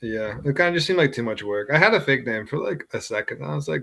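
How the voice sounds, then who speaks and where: A young man in his twenties, mid-pitched, guesting on a podcast. He chats in a relaxed way, lacing every thought with "like". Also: fast, vocal fry. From New York. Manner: relaxed, filler-heavy storytelling. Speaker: guest writer. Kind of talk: casual podcast chat.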